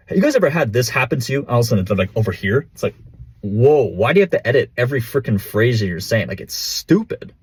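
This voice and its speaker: A man's voice: mid-range voice, breathy edge, no room sound. A man vlogging casually to camera, rambling with restarts and calling people "bro", recorded without a proper mic. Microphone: built-in camera or phone mic.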